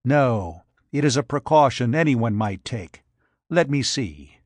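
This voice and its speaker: A man's voice: medium pitch, expressive, measured pace, dry recording. A man reading aloud, voicing a brutish, scheming giant who growls blunt, contemptuous lines. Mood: brooding.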